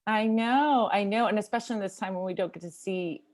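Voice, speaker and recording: A woman's voice: medium pitch, a little fast, darkish tone. A woman hosting a live video call, introducing her guest with effusive, enthusiastic praise. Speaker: host. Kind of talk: casual chat on a video call.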